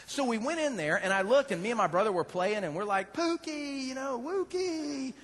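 A man preaching with a high, lively voice that swoops up and down as he tells his story. He is playful and dramatic, and his words ring out through a long-reverb church hall. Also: quick pace. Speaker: pastor. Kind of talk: storytelling sermon.

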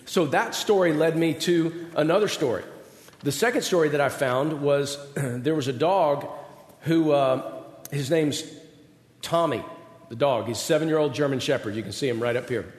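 A middle-aged man preaching, telling self-deprecating personal stories in a conversational way. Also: fairly high pitch. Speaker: pastor. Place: large hall with an audience. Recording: roomy hall with long reverb.

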